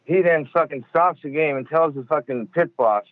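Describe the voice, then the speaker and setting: A man's voice: on the high side, moderate pace, dry recording. A man telling stories as an interview guest over the phone from a car, swearing a lot and rambling with many fillers. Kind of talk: storytelling interview. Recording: tinny phone line.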